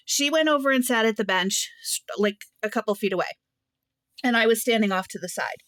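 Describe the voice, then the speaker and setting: A woman co-hosting a podcast, telling animated stories in casual chat and laughing often. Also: on the high side, brisk, no room sound. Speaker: podcast co-host. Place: Nashville.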